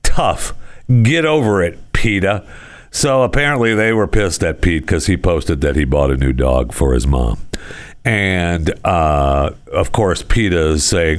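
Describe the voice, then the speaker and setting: A man's voice: sits low, a little slow. A man hosting a casual talk show, rambling through odd news stories with sarcastic asides and frequent chuckles. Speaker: podcast host.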